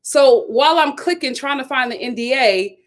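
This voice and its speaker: A young woman hosting a live review stream, telling a story in an animated, dramatic way and laughing often. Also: high-pitched, moderate pace. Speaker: host of a live reality-show review channel. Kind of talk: casual storytelling to a live chat.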